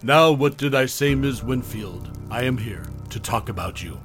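A man voicing a smooth, calm, courteous visitor who is quietly sinister, in a horror story reading. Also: medium pitch, normal speed, over music, close to an everyday voice.

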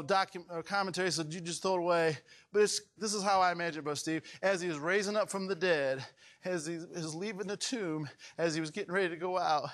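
A pastor preaches a sermon that swings dramatically from loud, high outbursts to hushed, low passages, and he acts out the voices of those he quotes.

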